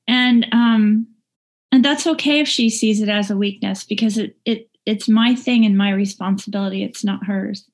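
Middle-aged woman, plain mid-pitch voice, candid halting testimony, sincere and unpolished. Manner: candid, heartfelt, halting with fillers and restarts. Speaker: recovering drinker sharing her story. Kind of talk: personal recovery testimony. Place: lives in Northern California.

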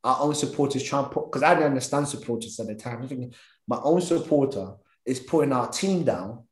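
Recalling his days as a pro footballer, this man chats animatedly, voicing his own thoughts and other people's words. His mid-range voice moves a little fast, and the poor-quality audio comes from an echoey room.

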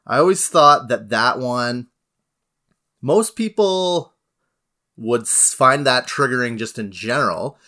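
Slow, bright-voiced Canadian man chatting. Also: mid-range voice. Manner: relaxed, rambling with fillers. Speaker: podcast co-host. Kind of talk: casual podcast chat.

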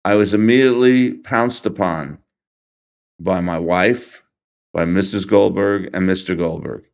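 An older man with a low, gravelly voice recounts events as an interview guest, a grieving father. He speaks earnestly but haltingly, restarting and trailing off.

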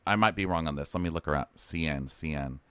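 A man co-hosting a podcast, recapping a dating show in sarcastic, animated chat and mimicking the people on it. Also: a bass voice, a little fast, clean tone, no echo. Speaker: podcast co-host. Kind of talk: casual comedic recap chat.

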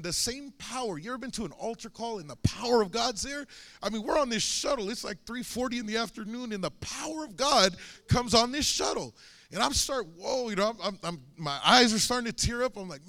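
A man's voice: extremely high pitch, expressive, brisk, gravelly, sharp tone. A young man preaching a sermon, telling a personal story with many fillers and restarts. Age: young adult.

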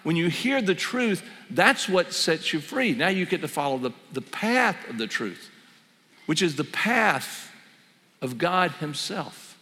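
Bright-voiced male pastor preaching. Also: on the high side, big pitch swings. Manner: earnest, slows down on key phrases, repeats for emphasis. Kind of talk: sermon. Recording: reverberant church hall.

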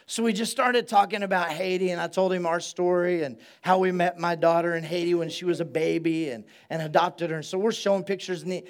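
With a high voice, a slightly fast pace and few pauses, a pastor preaches casually at a church service. He leans on repeated phrases for emphasis and gets the congregation responding to him.

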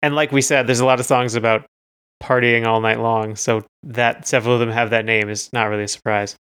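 A man co-hosting a podcast, talking in a relaxed, wry way with a few hesitant fillers. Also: mid-range voice, fairly quick, clean tone. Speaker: podcast co-host. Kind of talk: casual chat about music.

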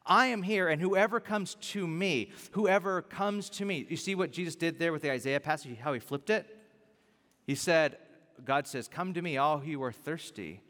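A man delivers a sermon in a lively, emphatic preaching style, leaning on repeated phrases. His voice sits a little high. The sound carries the long reverb of a large church hall. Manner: animated, emphatic preaching with repetition. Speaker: pastor.

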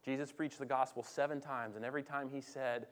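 A man preaching a sermon as pastor, swinging from loud declarations to hushed asides and calling on the congregation to respond. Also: medium pitch, fairly even intonation, fairly quick. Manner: addresses congregation directly, calls for responses. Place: church sanctuary.

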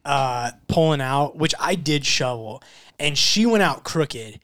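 A man's voice: medium pitch, animated, slow pace, a bit bright, no echo, clean studio sound. A young man hosting a casual chat, upbeat and joking, laughing often. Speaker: podcast host.

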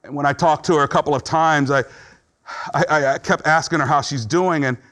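Earnest preaching man, slightly high voice. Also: fairly even intonation, fairly quick, fairly bright tone. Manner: earnest, conversational preaching with acted-out quotes. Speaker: pastor. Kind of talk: sermon.

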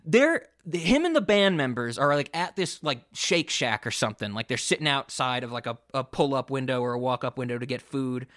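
A man co-hosting a casual podcast who retells a story in a rambling, animated way, with frequent cursing and many restarts. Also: medium pitch, fairly quick, hardly any pauses. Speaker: podcast co-host.

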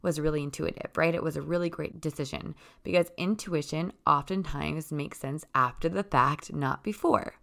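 A woman's voice: sits low, moderate pace, vocal fry, few pauses, a bit bright. A woman giving a casual, earnest spiritual self-help talk, chatty and conversational, often asking "right?".

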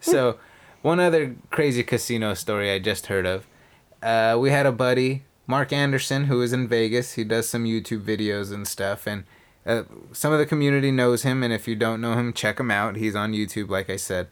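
On a podcast, a co-host with a smooth, medium-pitched voice at normal speed relates a casino tale in a relaxed chat. He performs the quotes of the people involved animatedly and curses freely.

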